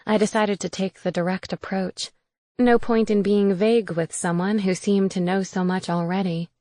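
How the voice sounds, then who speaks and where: Woman audiobook narrator, wry and even, close dry studio mic. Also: medium pitch, normal speed, dry recording. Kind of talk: first-person audiobook narration.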